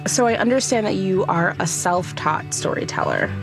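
A woman interviewer asking short, calm questions. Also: mid-range voice, normal speed. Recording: voice with music playing behind. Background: music.

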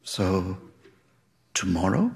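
A man voicing a hoarse, hushed jealous woman. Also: low-pitched, very animated, extremely slow, long reverb tail, voice pushed down, full character voice. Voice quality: hoarse, forced.

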